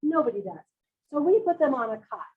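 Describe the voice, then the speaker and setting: A woman's voice: high voice, big pitch swings, fairly quick, narrow, tinny audio. A woman presenting a parent workshop on early reading, leading the audience through call-and-response sound drills.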